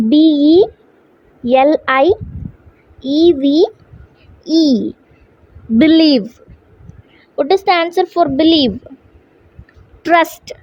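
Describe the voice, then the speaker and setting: A woman with an Indian English accent teaching a classroom English lesson, spelling words out letter by letter in a slow, deliberate way. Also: high-pitched. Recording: dull lo-fi sound.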